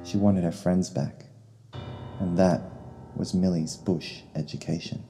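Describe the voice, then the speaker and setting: A man reading a short story in slow, solemn narration. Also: low voice, fairly even intonation, dark tone. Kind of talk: scripted narration. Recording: long reverb, faint guitar music.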